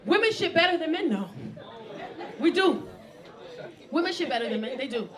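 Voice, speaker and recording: A middle-aged woman doing a stand-up comedy set, telling brash, profane stories loudly and acting out quotes. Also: sits high, big pitch swings, moderate pace, a crowd in the background. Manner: brash, profane, loud storytelling with acted-out quotes. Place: comedy club stage. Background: laughing audience.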